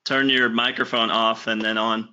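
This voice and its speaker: Very bright-voiced man on a lo-fi call. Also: lowish voice, little pitch movement, moderate pace. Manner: easygoing, hesitant, apologetic with tech troubles. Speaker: webinar co-host. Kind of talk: casual call chat. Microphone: computer audio on a video call. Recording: dull lo-fi online call audio.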